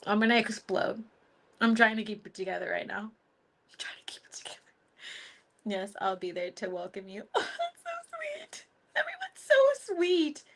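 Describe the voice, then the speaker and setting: Answering viewers' comments on a live stream, a spiritual teacher chats casually, gushing with affection, laughing a lot and relying on fillers. She speaks at a medium pitch with a fairly bright tone.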